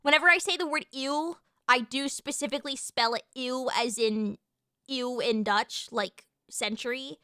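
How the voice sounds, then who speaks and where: A woman streamer talks straight to her viewers in a high, sharp voice, rambling along with lots of restarts and the odd curse. She sits close to a desk mic in a dead-dry home room. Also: normal speed, smooth, no room sound. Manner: rambling and animated, with restarts and casual swearing. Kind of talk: casual live-stream chat.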